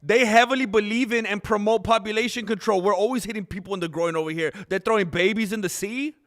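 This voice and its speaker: A man's voice: high-pitched, fast talker, fairly bright tone, pitched above the performer's own voice. A man voicing a cocky young male fighter in a raised, mocking voice.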